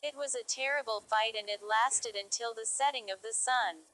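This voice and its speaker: A woman's voice: a little high, moderate pace, fairly bright tone, low-quality recording. A woman reading stories aloud carefully for English learners. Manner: careful, clear reading pace. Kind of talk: slow read-aloud narration.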